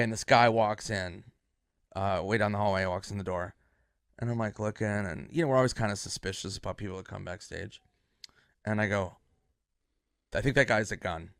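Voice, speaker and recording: A man casually telling a story about a friend, acting out loud, excited quotes and swearing. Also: on the low side, clean tone, no echo, studio quality. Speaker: comedian telling an anecdote.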